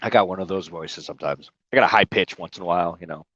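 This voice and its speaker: Rambling, cussing trucker on a livestream. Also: male voice, deep voice, fast talker, fairly bright tone, dry recording, dull audio. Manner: rambling, profane, talks to viewers by name. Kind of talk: casual livestream chat. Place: inside his truck cab. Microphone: phone.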